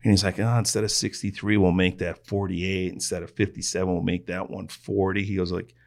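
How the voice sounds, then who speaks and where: A man's voice: low voice, brisk, gravelly. A man, a restaurant owner guest, telling stories in casual podcast chat and acting out other people's lines. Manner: animated storyteller, acts out quotes.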